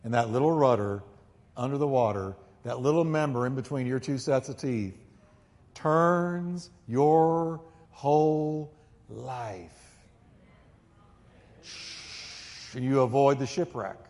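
A male pastor preaches emphatically and a little fast, moving between quiet, low asides and loud, ringing peaks. He calls on the congregation to repeat lines after him, and his voice carries a long hall reverb.

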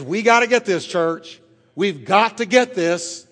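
A pastor preaching a sermon to his church, emphatic, dropping quiet and then swelling loud, drawing out key words. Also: sits high, animated, measured pace, big-room sound.

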